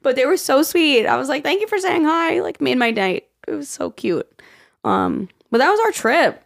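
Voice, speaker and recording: A young woman with a hoarse, worn-out voice tells stories on a casual podcast. Her voice has a gravelly rasp and she slips into impressions of the people she talks about. The sound is dry and close. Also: high-pitched, sing-song, normal speed, dry recording. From New York. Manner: chatty storyteller, mimics people. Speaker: podcast co-host. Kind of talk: casual chat.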